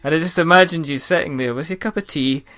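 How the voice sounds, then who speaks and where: A man's voice: fairly high pitch, quick pace, a bit bright. A man hosting a casual podcast interview, teasing his guests and laughing often. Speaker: podcast host.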